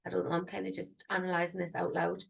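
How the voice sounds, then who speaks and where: A woman's voice: fairly low pitch, completely flat delivery, fast, creaky, husky, poor audio. A woman, rambling and thinking aloud in a casual vlog. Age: 30s. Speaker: singer vlogging.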